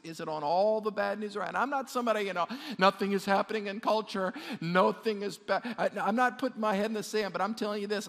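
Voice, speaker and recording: A man preaching a sermon, lively and repetitive, calling on the congregation to answer back. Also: sits high, creaky, in a large hall. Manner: animated, repeats words, calls on congregation to respond. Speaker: pastor.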